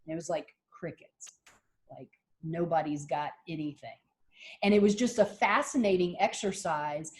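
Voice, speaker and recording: Middle-aged woman lecturing a class, animated storyteller, does little voices for people. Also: medium pitch. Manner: animated, acts out quoted voices. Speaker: college lecturer.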